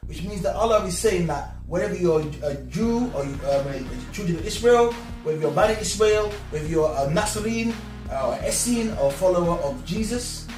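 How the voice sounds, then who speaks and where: A man's voice: sits high, expressive, normal speed, hardly any pauses. A man speaking as a guest in a religious discussion, earnest and emphatic like a preacher. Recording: echoey room, far from mic, music behind.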